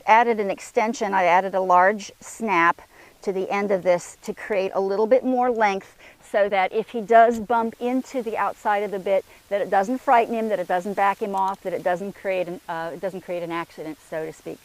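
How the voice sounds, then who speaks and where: A woman's voice: mid-range voice, fairly even intonation, normal speed, no echo, poor audio. A woman horse trainer giving an instructional demonstration in an outdoor arena, calling commands to a horse between her explanations.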